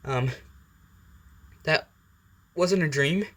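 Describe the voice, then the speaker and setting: A man's voice: mid-range voice, animated, a little slow, pitched above the performer's own voice. A man voicing a timid, jumpy teenage boy who stammers and sounds flustered, in a read-aloud fan story. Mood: startled.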